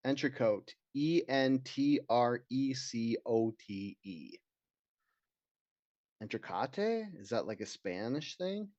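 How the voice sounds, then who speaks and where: A man's voice: medium pitch, lively intonation, slow pace, darkish tone, no echo, highs cut off. A man co-hosting a comedy podcast who tells work anecdotes and jokes around, often doing silly voices. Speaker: podcast co-host. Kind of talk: casual comedic chat.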